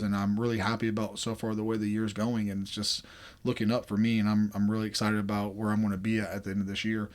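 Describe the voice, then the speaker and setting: Laid-back Southern man chatting. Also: on the low side. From American South. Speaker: podcast host. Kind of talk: casual chat.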